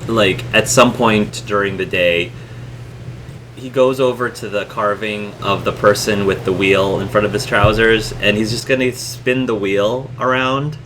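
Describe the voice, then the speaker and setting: A man narrating as game master of a tabletop game, halting with many ums and restarts. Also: lowish voice, fairly bright tone. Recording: noisy room hum.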